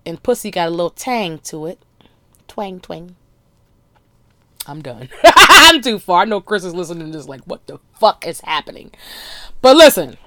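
A woman hosting a podcast, talking in a blunt, crude, animated solo monologue with laughing asides. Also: fairly low pitch, moderate pace, pauses often, no room sound. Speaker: podcast host.

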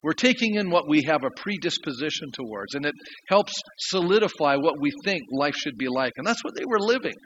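A pastor delivers his sermon with earnest, storytelling emphasis, his voice rising sharply and then dropping low. He speaks with a fairly high pitch for a man. The recording is somewhat muffled, with a faint hiss underneath. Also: animated, brisk, hardly any pauses, fairly bright tone.

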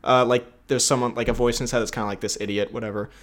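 A man's voice: mid-range voice, level tone, very fast, a bit bright. A young man co-hosting a podcast in casual chat, rambling and jokey, laughing often. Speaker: podcast co-host.

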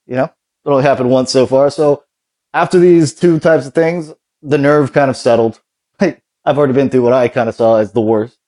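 A man from California, a guest on a podcast, explaining things in a relaxed, easygoing way. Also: medium pitch, a little fast. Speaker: guest, business founder. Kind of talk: casual interview chat.

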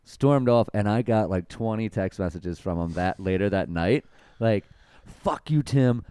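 A man's voice: sits low, normal speed, warm tone, clear, resonant tone, no room sound. A young man co-hosting a podcast, chatting casually and profanely as he tells stories. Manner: profane, storytelling, laid-back. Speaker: podcast co-host. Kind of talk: casual chat.

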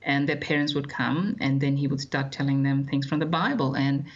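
A man, recounting his childhood as an interview guest in a measured, thoughtful way with frequent hesitations. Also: medium pitch, steady tone, highs cut off. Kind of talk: reflective personal storytelling.

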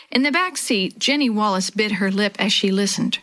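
A woman reads a children's chapter book aloud with clear, expressive storytelling. Her voice sits at a middle pitch. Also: normal speed, few pauses. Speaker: narrator.

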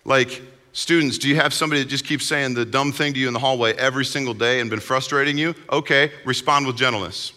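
A pastor delivers a conversational, animated sermon. His voice is bright and forceful at a middle pitch. The sound carries a long reverb from a large hall. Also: fast.

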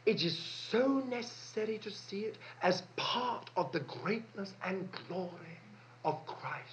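A man's voice: sits high, expressive, a little slow, fairly bright tone, a little hiss or hum. A man preaching a sermon with emphatic delivery, repeating phrases for stress. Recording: dull lo-fi sermon recording.

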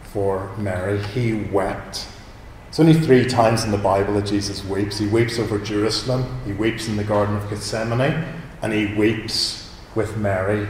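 A man preaching a sermon in a conversational, animated way, asking his listeners questions. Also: fairly low pitch, slight background noise. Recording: echoey hall with long reverb.

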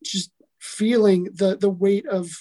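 Earnest, mellow-voiced Midwestern-raised man. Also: high-pitched, takes it slowly. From Milwaukee, Wisconsin, USA. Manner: earnest and animated, with frequent restarts. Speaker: podcast guest, author and coach. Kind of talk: casual personal testimony in an interview.

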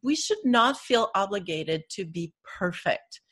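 Slow, breathy woman host, lively pitch. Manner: warm encouraging, laughs along. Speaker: interviewer host. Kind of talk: casual interview chat.

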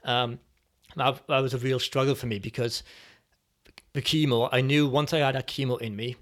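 A man's voice: medium pitch, fairly even intonation, fairly bright tone. Man sharing a story, hesitant, reflective. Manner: reflective, hesitant, many pauses and fillers. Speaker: podcast guest. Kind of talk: personal testimony in conversation.

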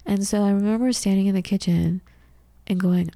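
A woman's voice: medium pitch, steady tone, fairly quick, creaky, dark tone, no room sound. A woman podcast co-host in her thirties telling candid personal stories in casual conversation, with frequent restarts.

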